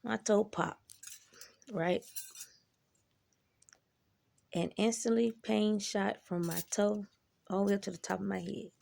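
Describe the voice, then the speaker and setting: A woman's voice: medium pitch, fairly even intonation, moderate pace, vocal fry, warm tone. A woman telling personal stories in a laid-back, rambling way, swearing freely and adding asides. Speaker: vlogger. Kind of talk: casual storytelling.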